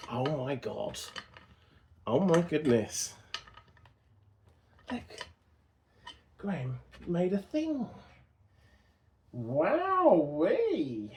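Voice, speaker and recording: A man chatting casually to the camera as he works on an old car in his home workshop, joking at his own expense and talking to himself. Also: fairly high pitch. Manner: self-deprecating, chatty, talks to himself while working. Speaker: car restoration vlogger. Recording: noisy workshop with dogs barking.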